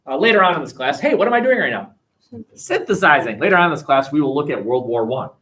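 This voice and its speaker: A man teaching a history class, lively and questioning, recorded from across a classroom. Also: on the high side, fast. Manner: animated, asks the class questions, jokes. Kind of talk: classroom lecture. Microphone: webcam across the room. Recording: distant webcam sound.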